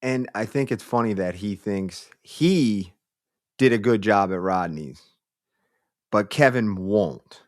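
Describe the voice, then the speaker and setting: A man's voice: lowish voice, slow, no room sound, clean studio sound. A man hosting a commentary show, mocking clips in a crude, insulting, blunt way.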